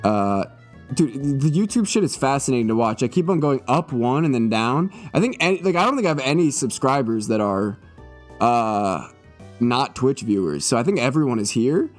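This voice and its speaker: A man's voice: mid-range voice, expressive, normal speed, soft background music. A young man streaming live, joking and swearing in a mock-serious monologue, a little tipsy.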